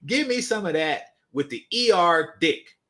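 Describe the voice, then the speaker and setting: A man mimicking a sultry Russian woman with a mock Russian accent, in an exaggerated, breathy way. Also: sits high, animated, measured pace, a bit bright, voice pushed up. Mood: lustful.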